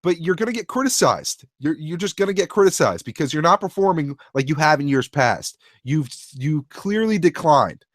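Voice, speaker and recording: Young guy ranting about sports, kinda high voice, dry close sound, restarts a lot. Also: expressive, normal speed, few pauses, no room sound. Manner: opinionated, rambling with restarts. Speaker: co-host. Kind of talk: casual sports talk.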